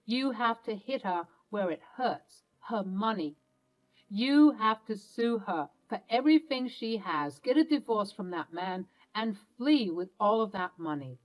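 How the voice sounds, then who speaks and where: A woman's voice: medium pitch, lively intonation, unhurried, natural voice, low-quality recording. A woman voicing a kind, protective older grandmotherly woman who soothes and reassures in a motherly way. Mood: tender.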